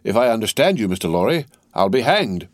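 A man voicing a pompous, blustering barrister who talks in a loud, indignant, hectoring way. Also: fairly low pitch, big pitch swings, a little fast, no echo, pitched above the performer's own voice. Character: blustering, pompous male barrister, self-assured.

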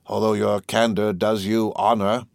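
A man voicing a pompous, angry older male headmaster who talks slowly and blusters. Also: on the low side, level tone, creaky, no echo, studio quality. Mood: blustering.

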